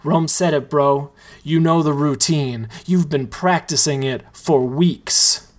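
A man's voice: fairly high pitch, fairly even intonation, slow. A man voicing a cool, easygoing young male dancer in a comedic story reading.

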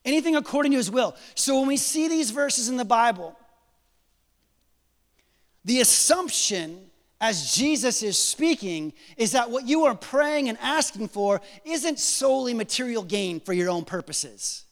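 A man in his forties preaching a sermon as pastor, animated, acting out prayers in different voices with joking asides. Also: very high-pitched, a little slow, big-room sound.

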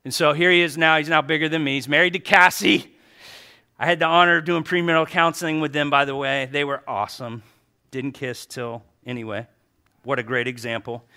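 A middle-aged man preaching to his church, a pastor telling stories in an animated way and quoting people in his own voice. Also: on the high side, brisk. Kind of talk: sermon.

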